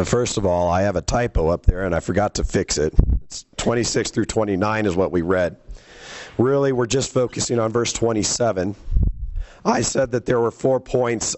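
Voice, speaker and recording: A man with a fairly low voice leads a Bible lesson from the pulpit. He talks to the congregation conversationally and keeps putting questions to them as he works through each passage. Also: a little mellow. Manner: conversational, quizzes the listeners. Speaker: preacher. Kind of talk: sermon teaching from scripture.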